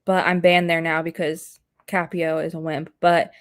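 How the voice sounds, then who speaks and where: A woman's voice: low-pitched, little pitch movement, normal speed. A woman hosting a casual stream chat, reading out viewer comments. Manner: chatty, reads out viewer comments. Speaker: stream host.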